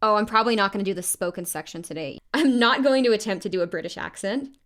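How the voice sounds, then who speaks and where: A woman singer chatting casually on a livestream while recording vocals, laughing often and saying "like" a lot. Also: medium pitch. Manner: chatty, quick laughs, frequent "like".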